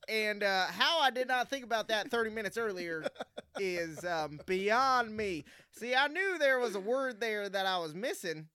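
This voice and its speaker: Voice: mid-range voice, animated, normal speed, sharp tone, smooth, no room sound, clean studio sound. A young adult co-hosting a casual comedy podcast, rambling playfully and slipping into mock radio DJ bits. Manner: playful, rambling, hesitant with fillers. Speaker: podcast co-host. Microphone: close studio mic.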